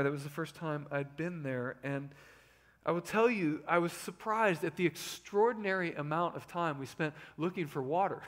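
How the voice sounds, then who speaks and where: A man in his thirties preaching a sermon as pastor, swinging between loud emphasis and hushed asides. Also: on the high side.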